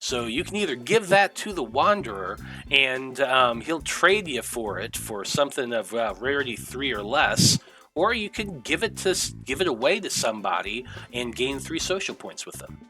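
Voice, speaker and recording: Bright-voiced man running a tabletop game. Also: medium pitch, normal speed. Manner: relaxed, full of fillers, upbeat. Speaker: game master.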